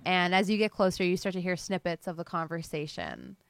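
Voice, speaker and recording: A woman's voice: on the low side, big pitch swings, a little fast, gravelly. A woman running a tabletop game as game master, narrating playfully and laughing along with her players.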